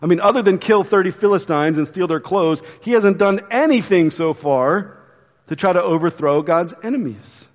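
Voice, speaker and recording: A pastor preaching a sermon in a casual, conversational way with quick asides. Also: male voice, high-pitched, expressive, long reverb tail. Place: church.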